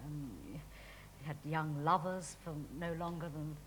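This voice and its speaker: A woman appearing as a talk show guest, telling anecdotes in an animated, self-mocking way. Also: deep voice, unhurried, a little hiss or hum. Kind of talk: chatty anecdote.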